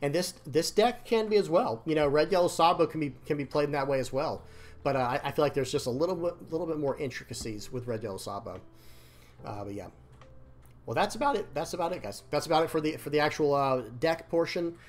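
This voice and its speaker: A man's voice: a little high, quick pace. A man giving casual, rambling commentary on card game decks and art, repeating words and talking to viewers, his throat dry and voice slightly strained. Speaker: card game content creator. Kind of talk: casual commentary over screen.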